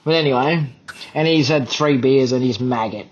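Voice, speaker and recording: A man's voice: mid-range voice, normal speed, muffled recording. A young Australian man telling a fishing charter story as a podcast guest, blunt, profane and often laughing. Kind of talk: casual anecdote telling.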